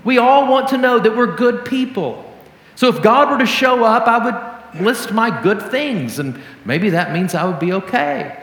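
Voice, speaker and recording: A male pastor preaching a sermon in an earnest teaching manner, slowing down to stress key words. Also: very high voice, lively intonation, a bit bright. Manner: earnest teaching, slows for emphasis. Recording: roomy hall with long reverb.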